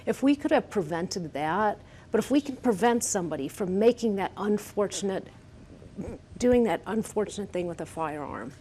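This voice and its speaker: A woman's voice: mid-range voice, lively intonation, moderate pace, warm tone, slight background noise. A woman advocating in a panel debate, arguing earnestly and firmly. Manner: earnest, firm, persuasive. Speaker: gun-safety advocate.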